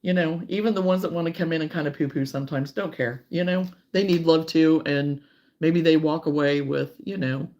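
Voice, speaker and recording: A woman's voice: sits low, fairly quick. Woman doing a crochet live chat, thanking viewers, reading comments out, kinda teary. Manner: warm, emotional, reads viewer comments aloud. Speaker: crochet livestream host. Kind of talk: casual livestream chat.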